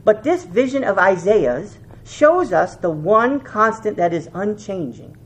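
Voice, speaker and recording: A male pastor delivers a fervent sermon, his voice rising to loud, emphatic peaks and dropping to hushed lows. His pitch moves constantly and expressively, with words repeated for emphasis. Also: lively intonation, unhurried. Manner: repeats and restarts phrases for emphasis.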